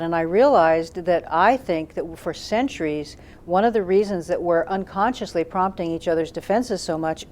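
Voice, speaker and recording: Woman trainer, lowish voice, thoughtful talk with lots of ums. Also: a little mellow. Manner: thoughtful, demonstrates questions with tone shifts, frequent um and uh fillers. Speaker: communication trainer. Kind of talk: explanatory talk to camera.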